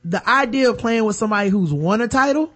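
A man's voice: high-pitched, fast talker. A man in casual chat about basketball, telling stories and acting out the quotes in them. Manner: animated storytelling, acts out quotes.

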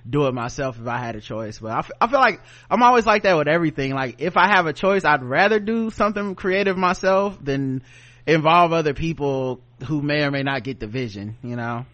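A man hosting a casual podcast chat, agreeable and chatty, quick to laugh. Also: a little high, lively intonation, fairly bright tone, dull audio. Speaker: podcast host.

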